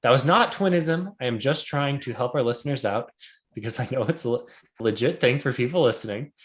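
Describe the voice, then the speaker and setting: A man's voice: mid-range voice, fairly quick. A man co-hosting a book podcast, moderating the chat in an upbeat, joking way. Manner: upbeat, joking, steers the talk.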